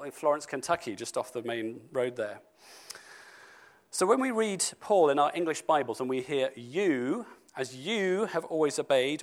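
Guy preaching a sermon, kinda high voice, punches key words, slows on verses. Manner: emphatic, slows down for scripture, speeds up for asides.

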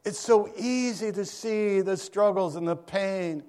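A man preaching a sermon, emphatic and swinging between loud and hushed delivery. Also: high-pitched, a little slow, few pauses. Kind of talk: sermon with dramatic story reading.

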